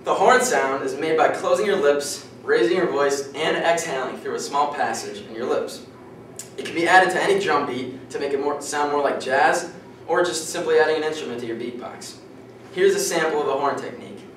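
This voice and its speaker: A young man giving a prepared class speech, reading steadily and clearing his throat now and then. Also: fairly high pitch, fairly quick, a bit bright, a little hiss or hum. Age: young adult. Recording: echoey classroom from far off.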